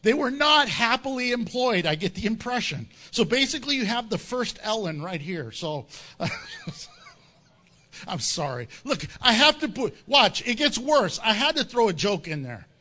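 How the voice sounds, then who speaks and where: A man delivers a sermon in a high, bright voice. His pitch leaps and drops constantly as he tells the story with humor and acted-out asides. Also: sing-song, normal speed, hardly any pauses. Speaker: pastor.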